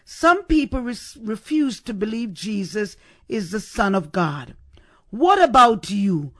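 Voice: mid-range voice, very animated, slow, sharp tone, dry recording, studio quality. A preacher giving a sermon, stressing points and repeating key questions for emphasis.

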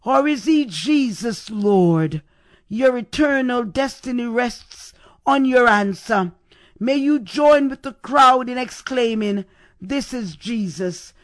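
A man's voice: extremely high pitch, expressive, slow. A man preaching a sermon, building up to repeated rhetorical questions with emphasis.

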